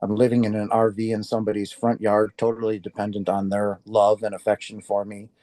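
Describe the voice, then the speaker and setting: A man's voice: fairly low pitch, completely flat delivery, brisk, mellow, dry recording. An older man from Wisconsin, telling his personal story as an interview guest in an earnest, heartfelt way. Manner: earnest, heartfelt, acts out quoted speech.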